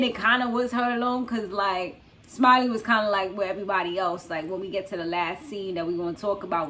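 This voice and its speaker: A talkative young woman with a slightly high voice, reviewing the latest reality-TV episode for her channel. She rambles casually, leans on filler words and breaks into laughter often. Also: bright, forceful tone. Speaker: YouTube reality-show recap host. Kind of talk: casual recap commentary.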